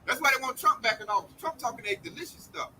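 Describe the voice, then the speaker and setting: A man's voice: very high voice, quick pace, bright, forceful tone, slight background noise, low-quality recording. A man preaching an informal street-style sermon in a blunt, slangy, mocking way, often acting out other people's voices.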